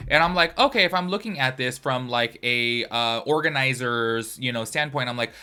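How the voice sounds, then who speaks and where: A man's voice: mid-range voice, normal speed, bright, forceful tone, clear, resonant tone. A man talking casually to camera as a commentary host, rambling with lots of fillers. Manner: chatty, rambling, lots of fillers like "like" and "do you know what I mean". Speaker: commentary YouTuber.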